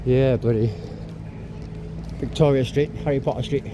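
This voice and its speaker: A man in his fifties talks as he walks through city streets, a bit out of breath. His voice sits at an ordinary pitch, and his chat is rambling and sweary. A clip-on mic picks him up, with clear street noise behind him. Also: steady tone, slow. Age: 50s. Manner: chatty, rambling, swears and apologizes. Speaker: travel vlogger. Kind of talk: casual walking vlog. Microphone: clip-on mic to phone.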